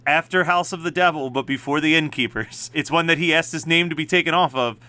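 A man co-hosting a podcast in casual chat, animated and quick to laugh. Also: fairly high pitch. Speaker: podcast co-host.

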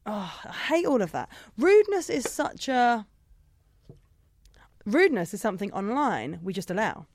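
A woman's voice: mid-range voice, big pitch swings, normal speed, a little mellow. A woman chatting casually as a podcast co-host, sarcastic and given to comic swearing. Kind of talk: casual chat.

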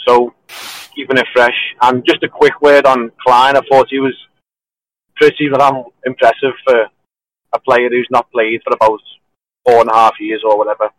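Caller, male, mid pitch, keen and chatty, speaking from a car. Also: flat delivery, moderate pace, no echo, low-quality recording. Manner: enthusiastic, talks in short clauses. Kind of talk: phone-in football analysis. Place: car, driving.

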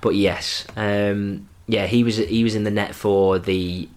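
A man with a very deep voice chats on a relaxed football podcast. He tells loose, rambling anecdotes and laughs along as he goes. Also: a little slow. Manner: rambling storyteller, laughs at his own tales. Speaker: podcast co-host. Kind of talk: casual football podcast chat.

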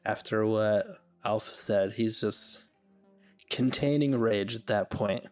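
A man's voice: lowish voice, slow, darkish tone, soft background music. A man playing a tabletop game, bantering casually. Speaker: player.

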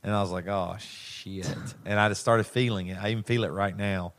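Low-voiced man telling an emotional story. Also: steady tone, quick pace, a bit bright, no room sound, studio quality. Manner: emotional, rambling storytelling with many restarts. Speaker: podcast co-host. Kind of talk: casual chat.

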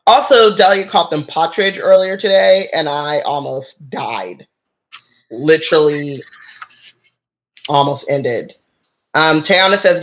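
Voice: medium pitch, expressive, slow pace, pauses often, fairly bright tone. A host reading a novel aloud and breaking off for chatty, enthusiastic commentary and listener comments.

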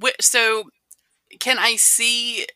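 A woman playing a character in a tabletop game, speaking slowly and deliberately. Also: a little high, flat delivery, pushed and bright, clean tone, no echo. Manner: slow, deliberate, acts out her character's moves. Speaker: player. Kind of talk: tabletop role-play.

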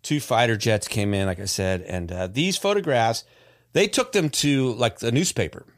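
A man's voice: mid-range voice, expressive, normal speed, no echo, clean studio sound. A man hosting a casual podcast, telling a story with many fillers and restarts. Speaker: podcast host. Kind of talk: casual chat.

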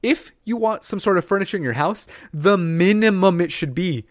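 A man's voice: high-pitched, expressive, normal speed, dry recording, clean studio sound. A young man chatting casually, ranting with lots of swearing and acting out quoted characters in mocking voices. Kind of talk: casual podcast chat.

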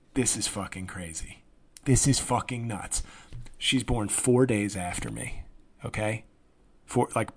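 A man in his forties hosts a solo comedy podcast, rambling and poking fun at himself, at times erupting into loud, excited yelling. His voice is on the low side.

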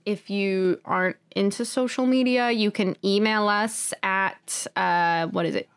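A woman co-hosting a book podcast in unhurried, chatty casual talk. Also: medium pitch, steady tone, clean tone. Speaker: podcast co-host. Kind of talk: casual chat.

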